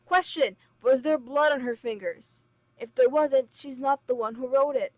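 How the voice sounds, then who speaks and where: In a relaxed let's-play chat, a woman with a high-sitting, slightly mellow voice talks at a moderate pace while gaming on stream and laughs frequently. The lo-fi stream mic carries faint background noise.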